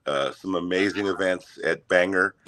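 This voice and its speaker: A man chatting casually as a guest, telling stories in a halting way with many fillers and chuckles. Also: sits low, sharp tone, dry recording. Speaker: guest, Santa performer. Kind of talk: casual chat, storytelling.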